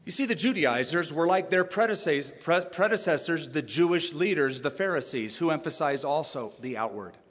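A man preaching a sermon as pastor, emphatic and animated, asking rhetorical questions and stressing his points. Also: on the high side, normal speed, hardly any pauses, in a large hall.

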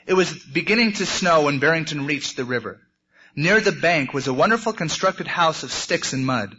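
A man's voice: a little high, animated, normal speed, sharp tone, slightly rough. A man, a preacher, reading a story aloud expressively within a sermon. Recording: muffled lo-fi recording.

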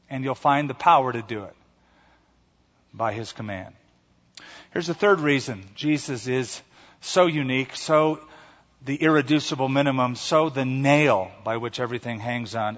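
A man preaching a sermon, emphatic and storytelling, with dramatic pauses. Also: on the high side. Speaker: pastor. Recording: echoey hall, dull lo-fi sound.

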